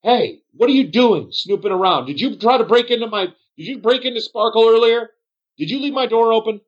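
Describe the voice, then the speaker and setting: A man's voice: extremely high pitch, animated, fairly quick, pitched above the performer's own voice. A man voicing a nervous, eager-to-please tavern bartender who stammers, in a tabletop role-play game, recorded with dull lo-fi sound. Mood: accusing.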